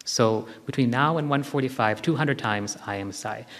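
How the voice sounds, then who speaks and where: A man giving a live spiritual talk to a group, gently instructive and repeating his key phrases. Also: mid-range voice, normal speed. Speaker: spiritual teacher. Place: large hall with long reverb. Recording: long hall reverb from a live talk.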